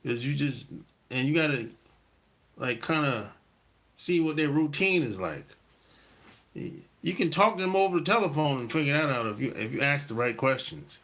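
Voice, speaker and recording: Middle-aged man, podcast host, slangy rambling talk, animated pitch, bright tone. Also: moderate pace, long pauses. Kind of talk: casual monologue.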